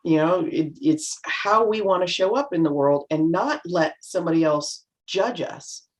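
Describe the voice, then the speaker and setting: A middle-aged woman on a video call, chatting reflectively as a panel guest and acting out remarks in lively voices. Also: on the low side, moderate pace. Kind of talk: casual chat.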